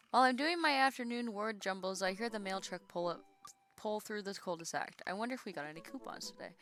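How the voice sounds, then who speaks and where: A woman's voice: mid-range voice, fast, a bit bright. A woman streamer reading a story game aloud in a playful, chatty way. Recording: game music behind.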